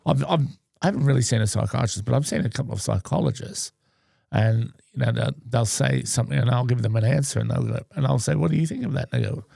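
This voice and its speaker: A man's voice: medium pitch, quick pace, vocal fry, mellow, dry recording. A man, co-hosting a podcast in a casual chat and telling stories with dry humour. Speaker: podcast co-host. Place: podcast studio.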